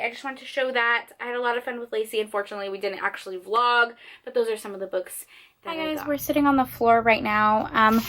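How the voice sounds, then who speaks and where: A woman's voice: on the high side, bright, forceful tone, a little hiss or hum. A young woman chatting casually and at length as a book vlogger, sitting on the floor at home. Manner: chatty, rambling. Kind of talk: casual vlog chat.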